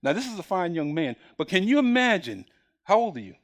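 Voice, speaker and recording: A male preacher giving a lively, humorous sermon in church, acting out scenes and calling someone up from the congregation. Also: sits high, a little fast. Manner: animated, jokey, acts out scenes, calls up a boy from the congregation. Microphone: recorded on camera for broadcast.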